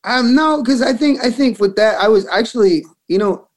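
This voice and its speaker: A man's voice: very high voice, animated, moderate pace. A man with a Southern American accent, chatting loosely on a podcast as the guest, swearing freely. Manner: loose, swearing, laughs often. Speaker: guest singer. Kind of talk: casual podcast chat.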